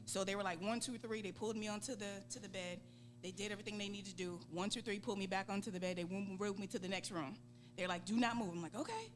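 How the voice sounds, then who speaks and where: A woman in her forties with a Southern US accent, a guest on a talk show, telling a lively story and acting out voices. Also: mid-range voice, fast talker. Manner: laughing, acts out voices in quotes. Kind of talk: animated storytelling. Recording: steady background hum.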